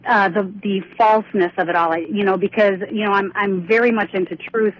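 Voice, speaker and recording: A woman's voice: medium pitch, steady tone, brisk, a little hiss or hum. A woman calling in to a radio show, talking emphatically and repeating her points. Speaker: caller. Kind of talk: call-in conversation. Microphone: telephone. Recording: muffled phone line on radio.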